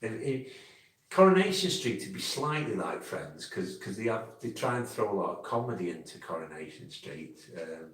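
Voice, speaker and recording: A man's voice: lowish voice, very animated, normal speed, fairly bright tone. A man hosting a casual live stream, rambling and chatty with lots of restarts. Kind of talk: casual live chat with viewers. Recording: echoey room, mic at a distance.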